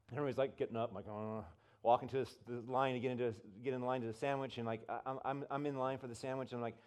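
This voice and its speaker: A middle-aged man preaching as a pastor, telling a personal story with many restarts and repeated words, and his voice climbs high and loud at the big moments. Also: very fast, smooth, lo-fi sound. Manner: animated storyteller, voice rises high and loud at the climax. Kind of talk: sermon storytelling.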